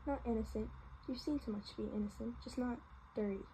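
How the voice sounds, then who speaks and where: A woman's voice: on the high side, brisk, a little hiss or hum, natural voice, low-quality recording. A woman reading as a frank teenage girl. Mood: calm. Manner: calm, thoughtful.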